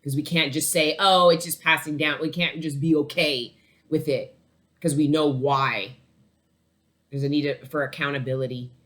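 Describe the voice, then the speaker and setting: A woman's voice: low voice, steady tone, normal speed. A woman giving a casual tarot reading to her viewers, rambling and emotional, swearing freely and laughing between thoughts. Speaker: tarot reader.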